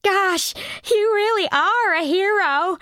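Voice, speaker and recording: A woman's voice: extremely high pitch, slow, sharp tone, no echo, studio quality, voice pushed up, heavily acted. A woman voicing a breathless, gushing young woman witness with a folksy Midwestern accent and a simpering voice.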